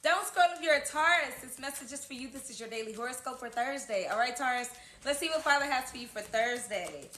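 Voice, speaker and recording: A woman's voice: sits high, animated, brisk, pushed and bright, a little hiss or hum. A woman giving a casual tarot horoscope reading, earnest and encouraging, often checking in with "okay?", recorded in an echoey room at home. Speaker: tarot reader.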